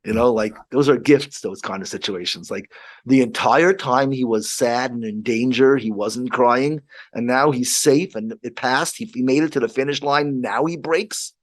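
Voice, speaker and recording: A rabbi telling a story in casual chat, halting with frequent restarts. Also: male voice, mid-range voice.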